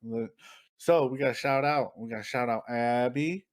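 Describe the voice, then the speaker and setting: A man's voice: mid-range voice, moderate pace. A man co-hosting a casual podcast, telling a story with lots of swearing and acting out what other people said. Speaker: podcast co-host. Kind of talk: casual chat.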